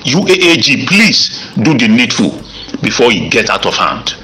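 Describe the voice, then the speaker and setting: A man's voice: medium pitch, sing-song, sharp tone, a little hiss or hum, rough recording. Nigerian man in a threatening voice-note rant. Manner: threatening, repetitive, with halting restarts and filler sounds. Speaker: self-styled evangelist and grant campaigner.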